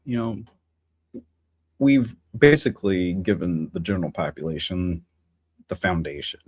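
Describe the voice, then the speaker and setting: A man's voice: deep voice, measured pace, pauses often, darkish tone, husky. A man hosting a casual solo livestream, rambling and musing in a philosophical way, with chatty asides to his viewers. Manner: many fillers and restarts, chatty asides to viewers. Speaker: livestream host.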